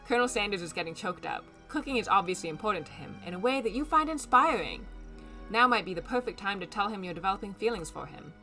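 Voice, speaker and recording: A woman streamer in casual gaming commentary, reading game text aloud, joking and reacting loudly and playfully. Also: mid-range voice, expressive, quick pace, faint music behind.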